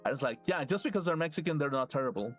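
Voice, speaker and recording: A man's voice: on the high side, lively intonation, rapid-fire, soft background music. A man streaming a game and ranting casually, rambling and swearing as he goes. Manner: rambling, profane, laughs to himself. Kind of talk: casual rambling rant while gaming.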